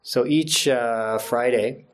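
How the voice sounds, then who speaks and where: A man's voice: medium pitch, slow. A middle-aged man giving an informal Friday sermon as an imam, chatty and laughing often at himself. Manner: chatty, laughs often, self-deprecating asides.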